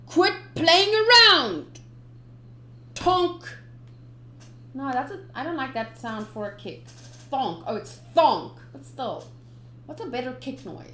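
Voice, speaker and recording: A woman's voice: high voice, lively intonation, moderate pace, roomy sound, a little hiss or hum. A woman giving playful, chatty commentary in a casual manga readthrough, adding her own sound effects. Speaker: manga reader, channel host.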